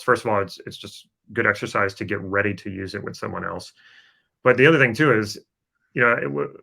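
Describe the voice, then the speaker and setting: A man on a podcast explains his method in a relaxed, coaching way. He hesitates often and restarts his sentences. His voice sits low but sounds bright and forward. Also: vocal fry. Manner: explanatory, coaching tone with frequent fillers. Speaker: podcast co-host. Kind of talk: casual podcast chat.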